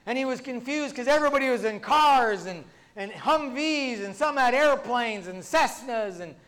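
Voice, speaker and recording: High-voiced man telling sermon jokes. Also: lively intonation, moderate pace, a bit bright. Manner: conversational storytelling, many "and" links. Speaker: pastor. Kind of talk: sermon with humorous stories.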